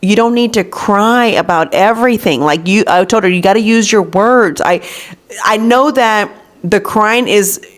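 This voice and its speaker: Woman, 30s, podcast host, casual storytelling chat, mid-range pitch. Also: a little slow. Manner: chatty, retells talks with her daughter, says "you know what I'm saying" often.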